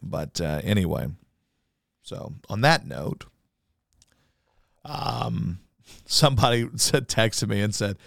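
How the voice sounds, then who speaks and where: A man's voice: on the low side, big pitch swings, slow pace, vocal fry, pauses often, a bit bright, dry recording, clean studio sound. A man hosting a solo podcast, ranting in a profane, sarcastic, mocking way. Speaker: podcast host.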